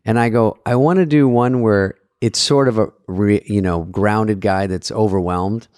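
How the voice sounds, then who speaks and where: A man's voice: steady tone, moderate pace, darkish tone, clean tone, dry recording, studio quality. Rambling man telling a story. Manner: rambling storyteller, acts out quotes with jumpy pitch. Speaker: co-host. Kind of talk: casual podcast chat.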